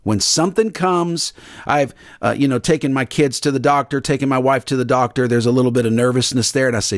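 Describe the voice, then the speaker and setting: A man's voice: mid-range voice, lively intonation, a little fast, no echo, clean studio sound. A middle-aged man, preaching an earnest, repetitive devotional sermon on his podcast and acting out panicked voices. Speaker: pastor podcast host.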